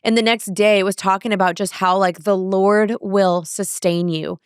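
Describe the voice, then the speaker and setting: A young woman hosts her podcast with a smooth, clear voice, recorded close in a dry space. She tells stories casually and animatedly, acting out her own panicked lines and filling gaps with "like.". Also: medium pitch, moderate pace, no echo. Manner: animated, breathless retelling with acted-out inner quotes; fillers "like" throughout. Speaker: podcast host. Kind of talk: casual storytelling monologue.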